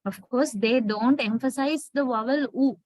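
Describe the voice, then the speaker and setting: A woman's voice: sits high, moderate pace, darkish tone, dry recording, low-quality recording. A Sri Lankan woman lecturing on English phonetics, explaining step by step with frequent tag questions and fillers. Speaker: university lecturer.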